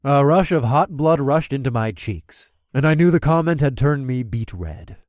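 A man reads a first-person fantasy audiobook with an animated, swooping delivery. His voice sits at an ordinary pitch for a man. It is recorded close on a studio mic in a dry, dead space. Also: normal speed, no echo. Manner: expressive, lively reading. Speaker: narrator.

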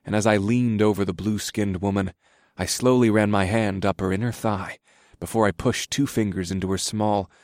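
A man narrating an erotic story in the first person, in a steady, subdued reading voice. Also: lowish voice, normal speed, dry recording, studio quality.

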